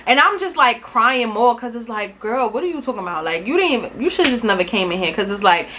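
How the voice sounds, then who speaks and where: A young woman tells a story in a high voice, animated and emphatic, swearing freely. Her tone is bright and sharp throughout, in casual storytime style. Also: fast. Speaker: vlogger.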